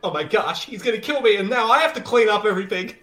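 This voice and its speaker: A man's voice: high voice, fast, bright, forceful tone. A man co-hosting a podcast, joking and swearing freely in casual banter while watching a movie. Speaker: podcast co-host.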